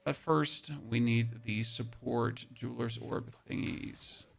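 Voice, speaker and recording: A man's voice: mid-range voice, fairly even intonation, takes it slowly, creaky, soft background music. A man with a German accent giving chatty, self-mocking commentary while streaming a game. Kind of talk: casual gameplay commentary.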